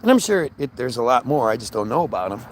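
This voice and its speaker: A man's voice: medium pitch, very animated, fast, noisy background. A man ranting in a casual monologue, swearing often, with frequent stammers and restarts. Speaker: podcast host.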